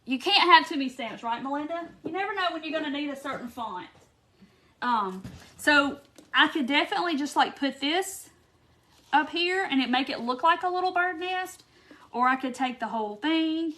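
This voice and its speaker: Reading viewer comments aloud, a woman hosts a casual live-stream craft tutorial, chatty and gushing throughout. She speaks at a moderate pace in a high, animated, fairly bright voice.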